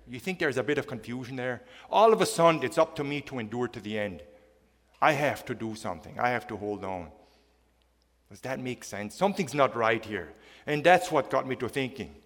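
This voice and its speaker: A preacher's voice echoing in a hall. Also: male voice, mid-range voice. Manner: reads scripture aloud, asks the congregation questions; slow, emphatic stress on key words. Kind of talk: sermon. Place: church hall. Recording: long hall reverb.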